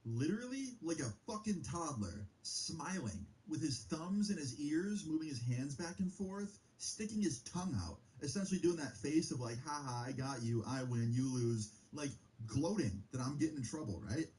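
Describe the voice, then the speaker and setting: A man's voice: a little high, very animated, moderate pace, hardly any pauses, a little mellow, low-quality recording. A young man telling a personal story in a heated, casual way, swearing freely. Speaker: streamer.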